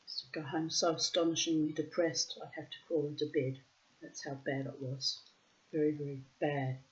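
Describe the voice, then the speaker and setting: A woman's voice: low-pitched, flat delivery, moderate pace. A middle-aged woman rambling profanely through a casual monologue with theatrical asides. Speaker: reader and host. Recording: dull lo-fi recording.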